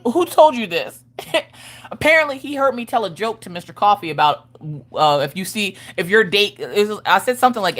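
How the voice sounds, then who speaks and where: A woman hosting a live stream and chatting casually about parenting, frank and profane, with animated storytelling. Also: mid-range voice, normal speed. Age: adult parent of school-age children.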